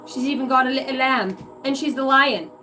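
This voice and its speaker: A woman's voice: high-pitched, a little fast, bright, forceful tone, recorded from a distance, soft background music. A woman giving a rambling, profane channeled reading to her viewers, free-associating and giggling at herself. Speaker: psychic reader on a livestream.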